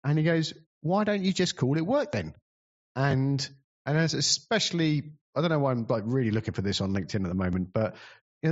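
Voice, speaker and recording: A man's voice: medium pitch, a little mellow, muffled recording. Rambling man, self-deprecating. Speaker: community event organizer. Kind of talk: casual storytelling talk.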